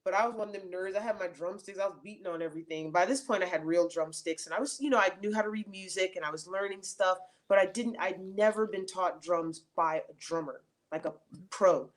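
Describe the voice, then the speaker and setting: Animated woman telling a story, lowish voice. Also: fairly quick. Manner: animated, laughing, lots of fillers and restarts. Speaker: interview guest. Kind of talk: casual storytelling in an interview.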